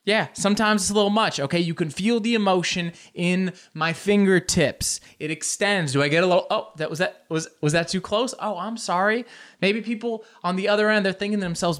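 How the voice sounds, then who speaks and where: A young man chatting casually to camera, animated and jokey, joking about how much he talks with his hands. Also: high-pitched, fairly quick.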